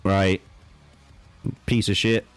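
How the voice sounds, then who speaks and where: Playing a strategy game on a live stream, a young man swears a lot and trolls with chat, swinging between raging and laughing. His deep voice is clear and resonant, with little pitch movement and a very slow pace. Faint music plays behind him.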